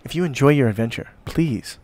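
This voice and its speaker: A man's voice: medium pitch, fairly quick, a little mellow, no room sound. A man co-hosting a casual podcast from the United States, laughing often and swearing casually. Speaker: podcast co-host.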